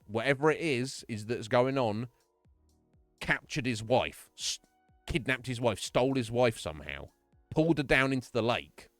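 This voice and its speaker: A man's voice: medium pitch, fairly bright tone, no echo. A man streaming live, casually recapping a horror game's story in a rambling, swear-heavy way and laughing often. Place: home streaming setup.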